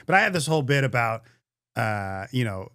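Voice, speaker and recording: A man telling a story as a guest comedian in a casual podcast chat, animated and profane. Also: medium pitch, moderate pace, clean tone, no echo, studio quality.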